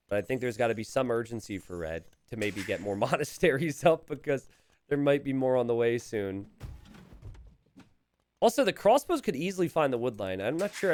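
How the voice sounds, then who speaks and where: A man commentating a recorded strategy game match, animated and chuckling, calling out to the players. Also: medium pitch, a little hiss or hum.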